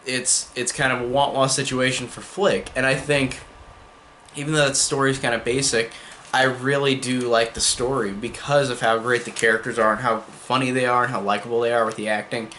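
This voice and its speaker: A man's voice: medium pitch, flat delivery, fairly quick, sharp tone, a little hiss or hum. A man giving an enthusiastic, rambling movie review in a casual way. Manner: enthusiastic, rambling, heavy use of "like".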